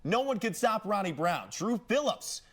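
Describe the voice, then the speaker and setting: A man co-anchoring a high school football highlights show, calling plays with energetic, joking punch. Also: moderate pace. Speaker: sports news co-anchor.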